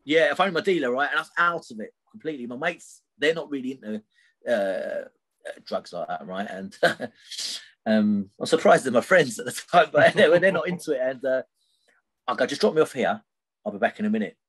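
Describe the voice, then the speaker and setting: A man's voice: mid-range voice, normal speed, a bit bright, slightly rough. A middle-aged man, a podcast guest telling a personal story candidly and loosely, often tagging sentences with "right?". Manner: rambling, keeps checking in with "right?".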